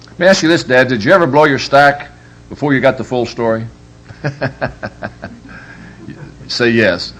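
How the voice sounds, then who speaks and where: A man's voice: medium pitch, a little slow, pauses often. A man giving a humorous live parenting workshop as a preacher, telling stories with emphatic, joking delivery. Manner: lively, joking, emphatic storytelling.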